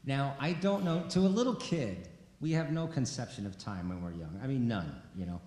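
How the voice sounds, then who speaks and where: A man's voice: medium pitch, animated, moderate pace, darkish tone. A man telling a personal story to a live concert audience in a casual, conversational way, acting out quoted lines. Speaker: singer-songwriter telling a story on stage. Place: concert venue. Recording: roomy hall reverb, faint background noise.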